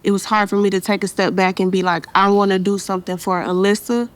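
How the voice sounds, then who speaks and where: A young woman, chatting casually as an interview guest, relaxed and slangy, laughing often. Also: mid-range voice, fast talker. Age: young adult.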